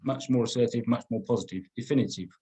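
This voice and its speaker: A man's voice: mid-range voice, fast, warm tone, slightly rough, dull audio. A middle-aged man teaching a business-writing webinar, emphatic and often repeating words as he restarts. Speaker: business trainer.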